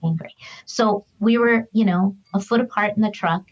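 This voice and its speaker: A woman's voice: mid-range voice, fairly even intonation, normal speed, muffled recording. A middle-aged woman, a guest, telling a personal story in an earnest, emotional, reflective way. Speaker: guest, author and grief counselor. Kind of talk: heartfelt conversational storytelling.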